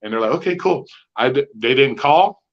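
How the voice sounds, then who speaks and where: A man's voice: medium pitch, a little fast. Guy ranting about rideshare passengers, swears a lot, acts out every line, kinda muffled audio. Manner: profane, animated storytelling with quoted dialogue. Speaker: podcast co-host, rideshare driver. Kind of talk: casual chat, storytelling. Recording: slightly dull lo-fi sound.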